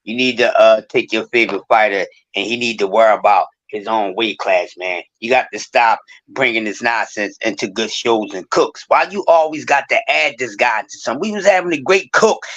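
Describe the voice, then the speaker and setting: A man co-hosting a casual sports podcast, ranting in an animated, sarcastic way. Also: mid-range voice, fairly quick, few pauses, rough recording. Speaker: podcast co-host.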